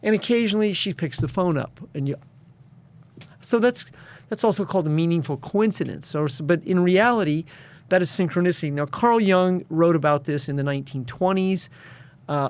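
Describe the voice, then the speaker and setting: A man's voice: on the high side, moderate pace, smooth. Confident man coaching on an interview. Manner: storytelling, acts out quoted voices. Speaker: guest, success and addiction coach. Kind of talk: interview conversation.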